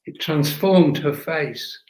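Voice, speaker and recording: A man reads a story at an unhurried, deliberate pace. His voice sits slightly high, and the recording has a noticeable room echo. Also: a little mellow. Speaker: narrator. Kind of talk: audiobook reading. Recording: echoey room.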